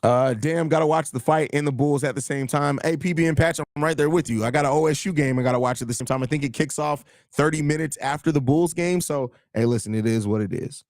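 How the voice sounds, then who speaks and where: A man's voice: fairly high pitch, quick pace, hardly any pauses, no room sound, clean studio sound. A man hosting a live sports stream, reading chat comments and arguing his points in casual commentary. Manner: reads and answers chat comments, argues points with restarts. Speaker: host of a live sports show.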